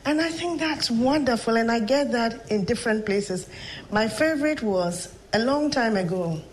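A woman's voice: on the high side, animated, a little hiss or hum, rough recording. A Ghanaian woman, a professor, telling stories and reflecting in an interview. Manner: storytelling, measured and reflective. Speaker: professor and guest. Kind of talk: interview conversation.

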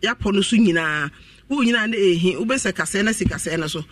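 A high-voiced man rattles off health advice at a quick clip on a radio talk show. He sounds set back from the microphone, earnest and explanatory as he walks listeners through what to do. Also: a bit bright. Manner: rapid, earnest explaining and advising. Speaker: health practitioner guest on radio. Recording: voice distant from the microphone.

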